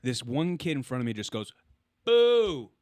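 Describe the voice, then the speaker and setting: A man's voice: mid-range voice, lively intonation, quick pace, dry recording. A young adult man co-hosting a podcast, telling loose comic stories with frequent laughs. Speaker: podcast co-host. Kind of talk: casual podcast chat.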